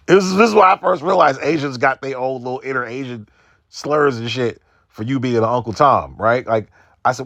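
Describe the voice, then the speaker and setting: A man's voice: medium pitch, a little fast, a bit bright, dry recording. A man from Seattle hosting a podcast, telling profane, loose stories in a casual monologue and mimicking other people's voices. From Seattle, United States. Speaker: podcast host.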